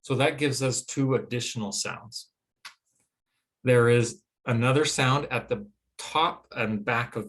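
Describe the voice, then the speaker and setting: A man with a Western American accent gives a phonetics lecture. His voice sits at an ordinary middle pitch. He explains patiently and stretches out each vowel he demonstrates. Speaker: teacher.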